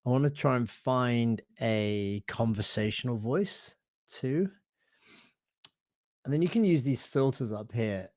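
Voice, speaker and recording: A man presenting a live online software demo, thinking aloud in a relaxed, hesitant way with fillers and self-corrections. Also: mid-range voice, a little slow, dry recording. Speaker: webinar presenter.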